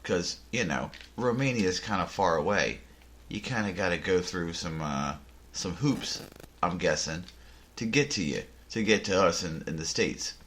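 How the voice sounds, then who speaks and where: A man hosting a podcast, telling a casual story in a rambling way, full of restarts and deadpan jokes. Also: low-pitched, moderate pace. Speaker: podcast host. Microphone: headphones and desk mic.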